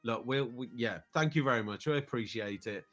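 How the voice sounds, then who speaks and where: A man's voice: mid-range voice, fairly quick, fairly bright tone, soft background music. A British man in his thirties, a podcast guest telling a family trip story in a casual, rambling way, often repeating words as he starts sentences. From United Kingdom.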